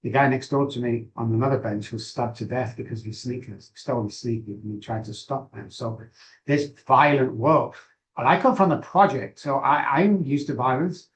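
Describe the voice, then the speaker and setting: A middle-aged man, speaking as an interview guest. He tells a personal story candidly, with frequent pauses and restarts. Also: medium pitch, poor audio. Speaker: guest, addiction recovery expert.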